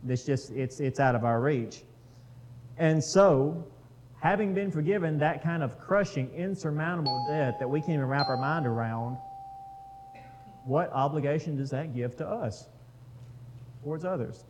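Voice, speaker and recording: A man's voice: fairly high pitch, moderate pace, pauses often, rough recording. A man leading a casual Bible study, talking with the group, putting questions to them and reading scripture aloud.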